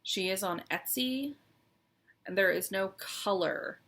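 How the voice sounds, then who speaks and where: Woman vlogger, casual show-and-tell, warm fondness, gravelly edge. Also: mid-range voice, slow pace. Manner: chatty, wistful, fond, with many "um"s. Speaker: cross-stitch vlogger.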